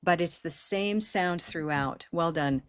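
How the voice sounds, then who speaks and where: Woman, pronunciation teacher on a video call; patient, encouraging, lowish pitch, dry sound. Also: measured pace, clear, resonant tone, no room sound. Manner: patient, encouraging, models long held vowels. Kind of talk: online class teaching.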